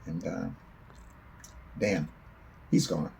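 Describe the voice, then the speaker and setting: A man tells a long personal anecdote, wandering from detail to detail. His voice sits low with a gravelly, creaky edge. His speech is loose and profane, and a faint background hum lies under it. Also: steady tone, extremely slow. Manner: long-winded, swears freely. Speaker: storyteller.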